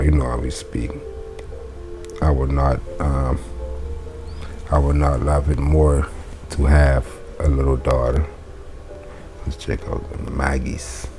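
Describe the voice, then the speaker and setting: A man's voice: very deep voice, background noise. A man reading a Latin textbook aloud and translating it as he goes, thinking aloud, correcting himself and chuckling at his slips.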